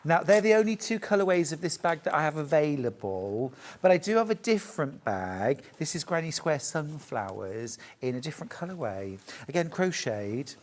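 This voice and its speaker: Showing off products on a live shopping channel, this low-voiced middle-aged woman keeps things chatty and upbeat with little jokes and asides. Her pitch swings widely, her pace is moderate, and she barely pauses.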